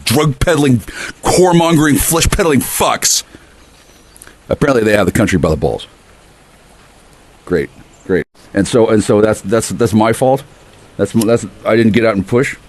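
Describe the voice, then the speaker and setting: A man ranting on his porch in a rambling, profane monologue that veers between loud outbursts and quiet muttering. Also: fairly low pitch. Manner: profane, erratic, shifts between ranting and murmuring. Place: outdoors on a porch.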